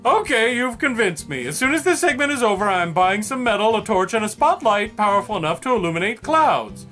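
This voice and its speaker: A man's voice: high-pitched, big pitch swings, fairly quick, bright, forceful tone, soft background music, full character voice. Man doing Trudeau, a sarcastic puppet host. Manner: dry, sarcastic, reading listener suggestions. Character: exasperated male puppet segment host. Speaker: segment host. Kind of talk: puppet comedy sketch.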